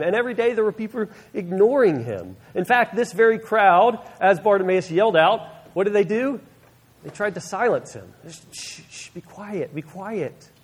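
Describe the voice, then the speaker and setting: Preacher guy giving a sermon, kinda high voice, acts the story out, big echoey hall. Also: husky. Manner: earnest storytelling, acts out the Bible scene. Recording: long reverb of a large hall.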